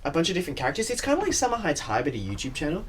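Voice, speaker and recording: A young man chatting excitedly on a casual podcast, swearing freely. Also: on the high side, very fast, slight background noise. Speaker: podcast host. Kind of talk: casual chat.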